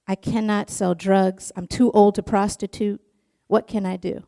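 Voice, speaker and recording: A woman's voice: mid-range voice, level tone, measured pace, vocal fry, warm tone, no room sound, studio quality. A woman voicing a weary, grieving older immigrant woman in her sixties who speaks in a pleading, bluntly plain way.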